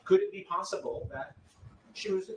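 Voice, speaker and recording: A man's voice: extremely high pitch, huge pitch swings, moderate pace, a little mellow. A man cross-examining a witness in court, pressing her with repeated yes-or-no demands. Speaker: attorney. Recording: distant, echoey courtroom audio with noise.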